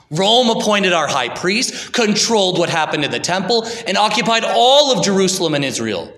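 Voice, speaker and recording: A man's voice: on the high side, pushed and bright. Dramatic male storyteller in an echoey hall. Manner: dramatic, shifts between quick build-ups and slow emphasis. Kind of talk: dramatic scripted narration. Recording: echoey hall with long reverb.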